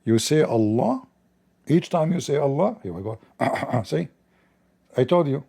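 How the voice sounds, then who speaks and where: A man's voice: medium pitch, expressive, measured pace, creaky, warm tone, slightly rough. A man hosting a livestream, talking in a sarcastic, mocking way in non-native English. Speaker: livestream host. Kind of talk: livestreamed commentary.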